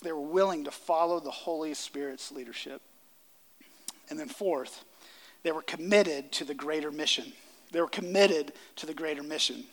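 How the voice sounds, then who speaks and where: Earnest pastor preaching in a reverberant hall. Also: male voice, a little high, moderate pace. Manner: earnest, repeats phrases for emphasis. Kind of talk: sermon. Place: church sanctuary before a congregation.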